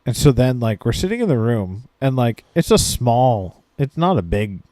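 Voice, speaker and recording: A man's voice: medium pitch, sing-song, normal speed, dark tone, no room sound. A man co-hosting a podcast, telling a story in a casual, profane, laid-back way and acting out the people he quotes. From Maine, USA. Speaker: podcast co-host.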